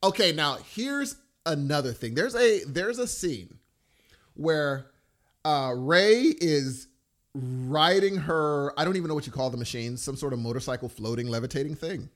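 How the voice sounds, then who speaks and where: Animated, high-pitched man gushing about a movie. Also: normal speed. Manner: animated, rambling and enthusiastic, with big pitch jumps. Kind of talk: casual movie chat.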